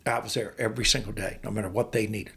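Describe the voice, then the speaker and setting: Older man in his sixties, coach telling stories, gravelly, husky, animated. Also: fairly low pitch, quick pace. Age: 60s. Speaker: basketball coach, podcast guest. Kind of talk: storytelling in an interview.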